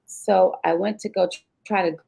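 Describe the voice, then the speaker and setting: A woman's voice: fairly low pitch, steady tone, normal speed, creaky, warm tone, slightly rough. A woman guest on an interview show, telling a painful personal story vividly and acting out the dialogue.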